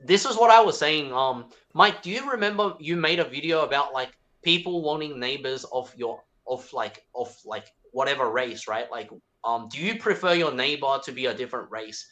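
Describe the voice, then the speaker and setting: Bright-voiced chatty man full of fillers. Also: medium pitch, lively intonation, moderate pace, hardly any pauses. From China. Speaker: caller. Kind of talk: casual chat.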